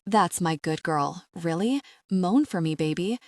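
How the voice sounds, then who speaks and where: Woman voicing a slow, commanding male lover. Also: expressive, a little mellow, dry recording, studio quality. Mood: low, coaxing. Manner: slow, low, coaxing and commanding. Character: confident adult male lover, commanding and tender. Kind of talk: audiobook character voice.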